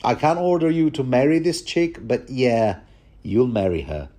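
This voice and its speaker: A man's voice: mid-range voice, very animated, moderate pace, dark tone. A man casually voicing a young king who gives orders in an offhand but firm way.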